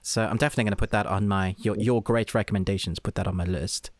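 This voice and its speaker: A man's voice: on the low side, steady tone, quick pace, no room sound. A man co-hosting a movie podcast in an easygoing, self-deprecating way. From United Kingdom. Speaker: co-host. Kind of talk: casual podcast chat.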